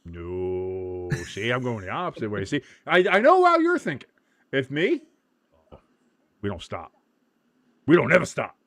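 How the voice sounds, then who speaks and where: A man hosting a live match watch-along in casual chat. He gets excited easily, swears freely, laughs often and shouts at big moments. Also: medium pitch, measured pace, long pauses, dry recording.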